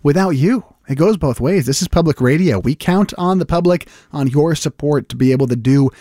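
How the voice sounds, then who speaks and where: A man makes a brisk, cheerful pledge-drive appeal on public radio. His voice sits fairly high and moves fast. The studio sound is close and dry. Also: mellow, no room sound. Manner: upbeat, quick, conversational. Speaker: radio host. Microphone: studio microphone.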